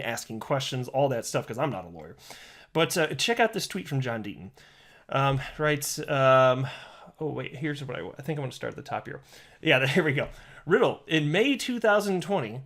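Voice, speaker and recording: A man doing solo commentary for his channel, reading tweets aloud and ranting sarcastically, sometimes stopping to restart a line. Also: a little high. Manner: animated, sarcastic ranting with mocking insults; self-correcting, restarts lines. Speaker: crypto YouTuber.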